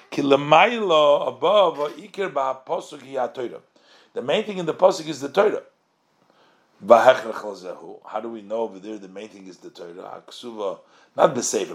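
In a religious text lesson, a man reads out short Hebrew phrases and gives a line-by-line translation, raising questions and supplying the answers himself. He is a Torah teacher whose voice sits at medium pitch.

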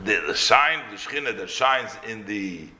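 A man's voice: on the low side, lively intonation, normal speed, noisy background. A man teaching a religious text line by line, reading each phrase in Hebrew and then explaining it in English, often restarting his sentences. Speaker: Torah teacher. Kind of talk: line-by-line text study lecture. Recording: roomy echo.

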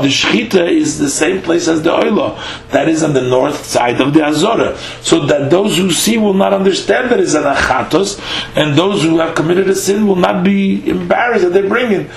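A man's voice: fairly high pitch, creaky. A man giving a Talmud lesson, reading each line aloud, then explaining it in English with frequent "uh" fillers. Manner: reads Aramaic lines then explains, with halting fillers. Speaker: Talmud teacher. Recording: echoey room with faint hum.

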